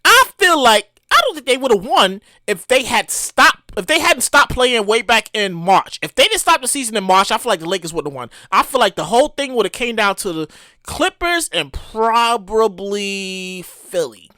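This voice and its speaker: A woman hosting a podcast, ranting casually about the news, animated and profane with loud exclamations. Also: fairly high pitch, moderate pace, no room sound, clean studio sound. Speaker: podcast host. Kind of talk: casual comedic news rant.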